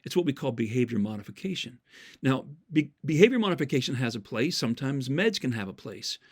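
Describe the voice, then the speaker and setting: A man's voice: mid-range voice, very animated, brisk, darkish tone, husky. A man giving an earnest, sermon-style talk, telling stories and citing scripture verses from memory, repeating key words for emphasis. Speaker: Christian speaker.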